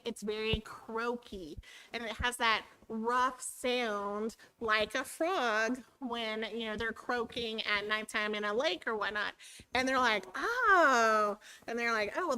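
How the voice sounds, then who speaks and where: A woman's voice: on the high side, sharp tone, smooth, rough recording. A woman teacher giving a chatty training talk, often acting out her students' voices.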